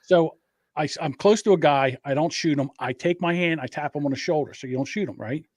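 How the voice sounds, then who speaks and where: A man's voice: on the high side, a little fast, dry recording, clean studio sound. A man co-hosting a podcast who chats casually and tells boastful, joking stories. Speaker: podcast co-host. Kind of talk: casual chat.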